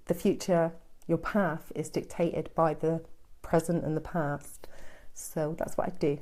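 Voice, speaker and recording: With a low, dark-toned voice, a woman does relaxed psychic readings over a live stream. She's chatty and comforting, addressing her audience as darling and sweetheart.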